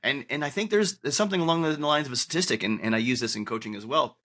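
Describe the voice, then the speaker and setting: A man hosts a podcast interview, speaking quickly at medium pitch with a bright, forceful tone. A podcast host and coach, he's reflective and articulate, explaining ideas at length in conversational style.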